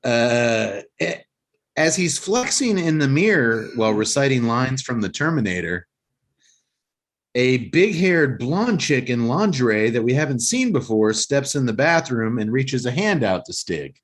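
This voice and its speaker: A man's voice: medium pitch, big pitch swings, unhurried. Joking man recapping a movie. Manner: joking storyteller, recapping a film plot. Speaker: podcast co-host. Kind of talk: casual chat and movie recap.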